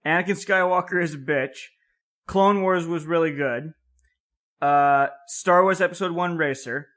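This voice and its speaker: A man's voice: on the high side, measured pace, fairly bright tone. A young man co-hosting a podcast, in laid-back casual chat with casual swearing. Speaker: podcast co-host.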